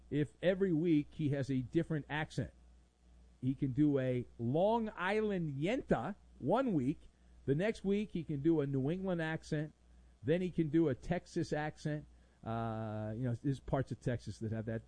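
Animated sarcastic male sports talk host. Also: fairly high pitch, no room sound, low-quality recording. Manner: sarcastic, theatrical, mocks with put-on bits.

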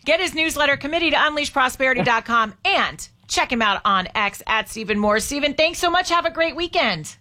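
A female talk radio host with a bright, forceful voice and an energetic, promotional delivery. She speaks from a radio studio. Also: sits high, fairly quick, few pauses.

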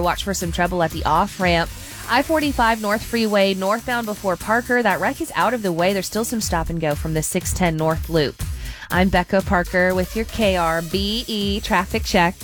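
A woman giving a radio traffic update, brisk and scripted. A soft music bed runs quietly under her voice. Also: mid-range voice. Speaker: traffic reporter.

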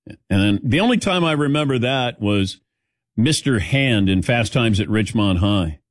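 A man hosting a sports talk show, telling stories in a rambling, animated way and acting out what others said. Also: lowish voice, moderate pace, dry recording. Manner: rambling, animated storytelling with mimicked quotes. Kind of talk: casual sports talk chat.

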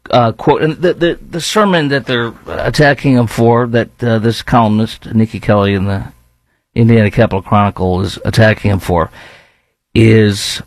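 A man delivers opinionated political commentary in a sarcastic, argumentative voice of ordinary pitch. The recording sounds dry and close, with no room around it. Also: no echo, low-quality recording. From lives in Dallas-Fort Worth.

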